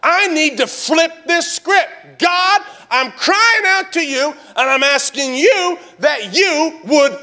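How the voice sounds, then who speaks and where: A man voicing a desperate biblical man pleading with God in an impassioned, high, bright voice that rises to shouts. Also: lively intonation, slow pace, few pauses, full character voice.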